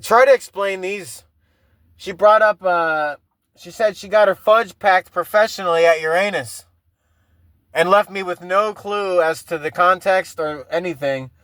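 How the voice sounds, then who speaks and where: A man's voice: high-pitched, unhurried, fairly bright tone, no echo. A man hosting a casual solo podcast, telling rambling, profane stories and laughing often. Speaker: podcast host.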